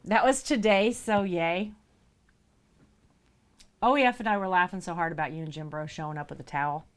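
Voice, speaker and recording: A woman livestreaming who chats casually with viewers, laughs often, reads their messages aloud and talks to her cats in a sing-song voice. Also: moderate pace. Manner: goes high and sing-song when talking to her cats. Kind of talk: casual live-stream chat.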